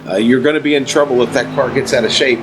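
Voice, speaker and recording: A man doing casual, relaxed commentary for a sim racing broadcast, chatty and full of fillers. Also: medium pitch, fast talker. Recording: faint background noise.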